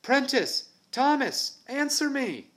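A man's voice: on the high side, animated, normal speed, pitched above the performer's own voice. A man reading aloud voices a frightened boy who takes charge and calls out urgently for his lost friends. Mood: panicked shouting. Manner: urgent, shouting.

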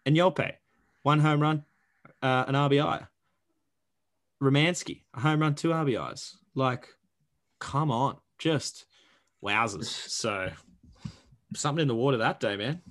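A man's voice: medium pitch, a little slow, long pauses. Chatty man rattling off stats. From Australia. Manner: animated, joking, rattles off stats with lots of fillers. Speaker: podcast co-host. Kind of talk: casual sports podcast chat.

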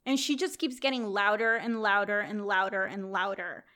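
A young woman co-hosting a chat, telling a story in a lively way, swearing freely and laughing often. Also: mid-range voice, moderate pace.

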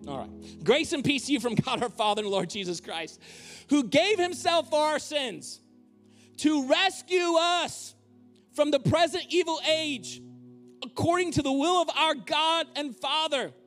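A male pastor delivers a sermon in a church with a high, light voice. His preaching is conversational and broken up by humorous asides. Faint music plays under him. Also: a little slow, fairly bright tone. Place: church auditorium.

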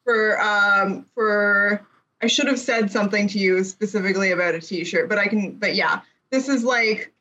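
Halting woman explaining costume tools. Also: mid-range voice, sharp tone, highs cut off. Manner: halting, explanatory, laughs easily. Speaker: costume professional. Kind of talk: casual explaining on a video call.

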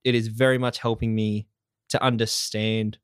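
Hosting a casual podcast chat, a man rambles and swears, filling his talk with fillers. His fairly low voice is clear and resonant, with little pitch movement and a moderate pace, captured in clean studio sound with no room sound.

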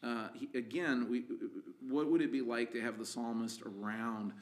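A man's voice: mid-range voice, steady tone, normal speed. Earnest man reflecting on psalms. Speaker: co-host. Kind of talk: reflective faith discussion.

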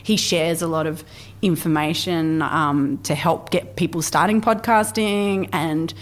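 A woman's voice: sits low, measured pace. A woman, chatting casually as a podcast guest about her work, telling stories with lots of fillers. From Australia. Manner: chatty, animated storytelling with filler words. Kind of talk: casual conversational interview.

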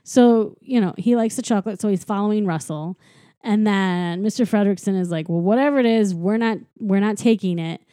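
A woman chatting casually and giggling as she retells a film plot, slipping into quick impressions of its characters. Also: mid-range voice, no echo, studio quality. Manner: giggly, animated retelling with acted quotes. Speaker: podcast co-host recapping a film. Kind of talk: casual chat.

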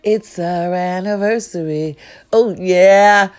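A middle-aged woman chatting casually and loudly to her viewers, swearing freely and breaking into snatches of song. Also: fairly low pitch, slow pace. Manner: loud, profane and animated, with sung snippets. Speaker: live-stream host.

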